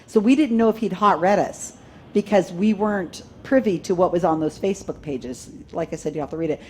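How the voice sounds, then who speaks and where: A woman giving a live talk to a seated audience, telling a story in an animated way, laughing and acting out quotes. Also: fairly low pitch, a little fast, a little hiss or hum. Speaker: conference speaker.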